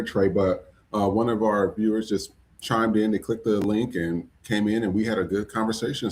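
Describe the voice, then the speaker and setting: A man hosting a live podcast stream, chatty and upbeat, with frequent fillers. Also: fairly low pitch. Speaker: podcast host. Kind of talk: casual live-stream chat.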